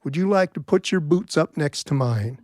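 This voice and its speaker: A storyteller voicing an earnest, lovestruck young cowboy who talks plain and stubborn. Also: male voice, a little high, animated, moderate pace, a little mellow, no room sound, clean studio sound, close to an everyday voice.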